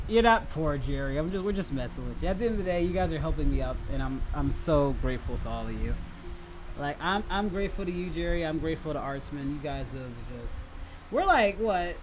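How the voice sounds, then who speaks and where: A man hosting a casual livestream Q&A, rambling and repeating himself, with sudden bursts of shouting and laughter at his chat. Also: on the high side, animated, fairly quick, a little hiss or hum, rough recording. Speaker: livestream host answering chat.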